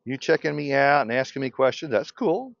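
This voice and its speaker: A man's voice: mid-range voice, big pitch swings, fairly quick, gravelly, no room sound. Fiery older man ranting, voice all over the place. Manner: fiery, laughs often, blunt and provocative. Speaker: beekeeping teacher. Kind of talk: passionate unscripted rant. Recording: dull lo-fi recording.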